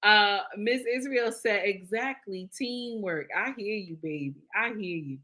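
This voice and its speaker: Bright-voiced woman giving marriage advice. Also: mid-range voice, expressive, measured pace. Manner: emphatic, repeats points, checks in with "okay?" and "you understand?"; calls listeners "baby". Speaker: live-stream host reading viewer comments. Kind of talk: casual advice talk to viewers.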